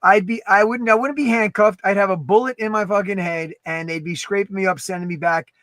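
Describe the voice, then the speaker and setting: A man co-hosting a podcast in casual chat, animated and emphatic, swearing freely. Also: high-pitched, a little fast, no room sound. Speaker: podcast co-host.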